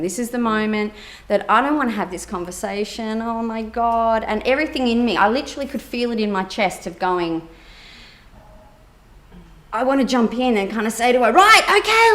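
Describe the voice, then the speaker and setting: Delivering a conference keynote, a woman therapist tells a personal story with lots of energy, acting out the quoted dialogue and using many fillers. Her voice is on the high side and she speaks fairly quickly.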